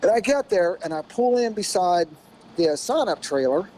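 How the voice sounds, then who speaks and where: A middle-aged American man spins a long, animated anecdote as a podcast guest, his voice sitting a touch high for a man. He keeps circling back with "you know" and stacks up short bursts of action. A faint hum of background noise sits under the voice. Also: moderate pace, rough recording. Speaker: podcast guest, former off-road racer. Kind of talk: casual storytelling.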